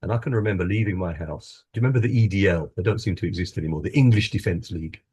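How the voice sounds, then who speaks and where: Low mellow voice, guy from scotland, earnest reflective panel storytelling. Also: rapid-fire, breathy edge. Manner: earnest, reflective, with restarts and laughs. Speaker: wellbeing coach, panel guest. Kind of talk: personal storytelling in a panel talk.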